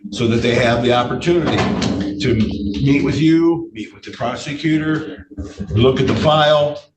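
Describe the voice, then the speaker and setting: A male judge with a voice he says is giving out, speaking in a measured way, often repeating phrases and using fillers during a courtroom hearing. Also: mid-range voice, over music. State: losing his voice. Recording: echoey room, distant mic, faint noise.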